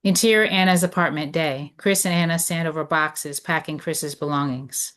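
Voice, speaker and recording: A woman reading a screenplay's stage directions in a measured, descriptive way. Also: low-pitched, steady tone, a bit bright. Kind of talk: script read of stage directions.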